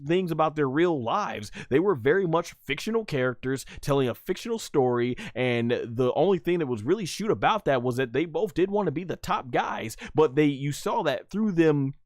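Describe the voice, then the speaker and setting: Man, livestream host, casual chat, rambling, fillers, mid pitch, dry close sound. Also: no room sound. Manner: rambling, many fillers and restarts. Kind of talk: casual livestream chat, reading viewer comments.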